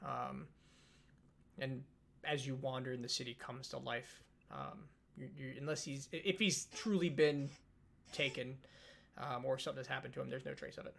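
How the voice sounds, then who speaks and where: A man's voice: mid-range voice, steady tone, normal speed, creaky, a bit bright, a little hiss or hum. A man narrating a tabletop game as game master, casual with many fillers.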